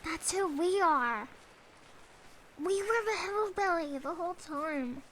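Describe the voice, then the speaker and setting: High-voiced playful woman streamer. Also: expressive, slow pace, a bit bright, a little hiss or hum. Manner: playful, giggly, jokey. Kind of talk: casual gameplay commentary.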